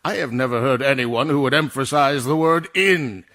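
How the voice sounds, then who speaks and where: A man's voice: medium pitch, moderate pace, a bit bright, natural voice. A man playing an imperious, irritable male star actor in a recording booth, fussing indignantly over how to read ad lines. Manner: imperious, indignant, fussy over word readings. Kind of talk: comedic voice-over session re-enactment.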